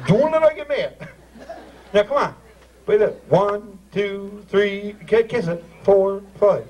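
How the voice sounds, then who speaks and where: A man's voice: sits high, animated, unhurried, a little mellow. A man leading a joking ceremony, teasing and laughing as he calls people up. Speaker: ceremony master. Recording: noisy crowd, distant amateur video.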